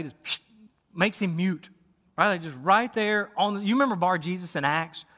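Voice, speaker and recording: A man preaching a sermon in a lively, conversational way, acting out the quoted lines. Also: high voice, normal speed. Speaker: pastor. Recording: long hall reverb.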